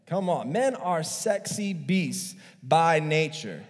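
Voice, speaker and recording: A male pastor preaching a sermon in an animated, joking way, acting out stories as he goes. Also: fairly high pitch, slow, big-room sound.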